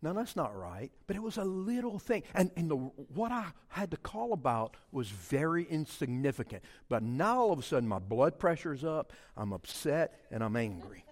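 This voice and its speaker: A middle-aged man delivers a funny, story-driven sermon in a church. His pitch leaps all over the place as he acts out scenes with mock phone calls and noises. A long hall reverb trails every line. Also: normal speed, few pauses. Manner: animated, acts out his own story with mock quotes and sounds. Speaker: pastor. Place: church sanctuary.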